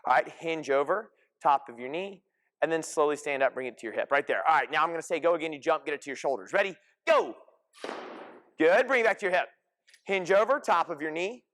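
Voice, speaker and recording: Man, high voice, fitness coach, energetic, short commands, counting cues, group gym class. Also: fast.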